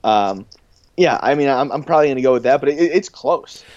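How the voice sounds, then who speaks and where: A man co-hosting a podcast, chatting casually with halting starts, swearing and laughing. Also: medium pitch, lively intonation, a little mellow, no room sound, highs cut off. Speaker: podcast co-host. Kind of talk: casual chat recapping a reality dating show.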